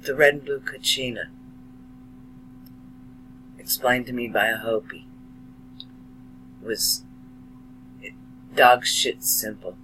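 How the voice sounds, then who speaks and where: A man slowly and emotionally addressing his viewers in a monologue about his beliefs. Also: medium pitch, bright, forceful tone, slight background noise, low-quality recording. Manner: slow, emotional, heartfelt, dramatic pauses. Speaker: video blogger. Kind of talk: slow earnest monologue to camera.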